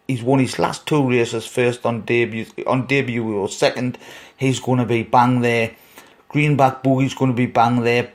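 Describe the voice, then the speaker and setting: A man with a Geordie accent hosting a solo racing podcast, giving opinionated, rambling tips full of fillers and restarts. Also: medium pitch. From North East England. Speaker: racing tipster podcast host. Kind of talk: casual solo podcast, race preview.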